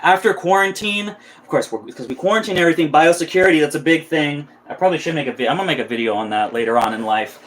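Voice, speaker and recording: A man's voice: a little high, animated, fast, hardly any pauses, fairly bright tone, slight background noise. Heated, swearing young man ranting. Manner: heated, profane, with many restarts. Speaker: reptile keeper live-streaming. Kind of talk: casual live-stream rant.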